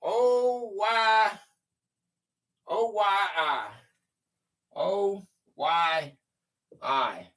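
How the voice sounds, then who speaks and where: Male stream host, bright and slow-paced, greeting viewers by name as he reads out quiz questions. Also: high voice. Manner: chatty, greets viewers by name, thinks aloud. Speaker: livestream host. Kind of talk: casual livestream chat.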